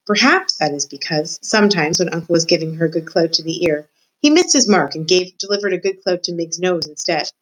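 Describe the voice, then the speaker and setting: Teacher reading a chapter book aloud to her class, a woman with a lowish voice, expressive delivery. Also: brisk, poor audio. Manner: expressive, addresses the reader. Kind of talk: read-aloud storytelling.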